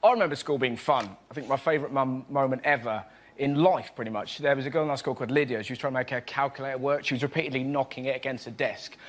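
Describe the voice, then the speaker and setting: A man's voice: mid-range voice, fairly even intonation, fast talker, fairly bright tone. A male comedian on a panel show telling cheeky, playful anecdotes. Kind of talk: stand-up comedy routine.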